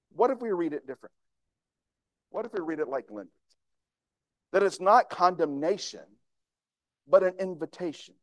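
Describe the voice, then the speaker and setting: A man's voice: high-pitched, dry recording. A male pastor preaching a sermon in a conversational way, putting questions to the congregation.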